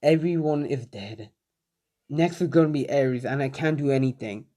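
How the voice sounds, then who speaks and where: An anxious teenage boy hero, hurt and unsure of himself, read by a man. He speaks quietly and haltingly, full of doubt. A plain fan-story delivery at a middle pitch. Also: lightly acted. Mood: worried.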